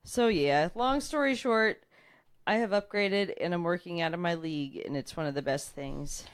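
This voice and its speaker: A woman's voice: on the low side, moderate pace, clear, resonant tone. A woman from Canada, a podcast guest in casual banter, giggly and blunt, cursing offhandedly.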